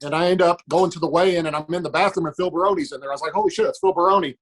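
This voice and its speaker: A man, a podcast guest, telling anecdotes quickly and acting out what people said. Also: on the high side, steady tone, background noise. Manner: fast storyteller, acts out quotes. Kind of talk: anecdotal storytelling.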